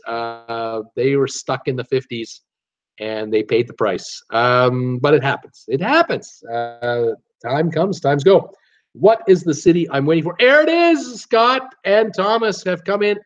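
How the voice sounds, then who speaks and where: A man's voice: mid-range voice, expressive, unhurried. A man hosting a casual live trivia stream, upbeat as he reads out viewer guesses and gives hints. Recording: dull lo-fi stream audio.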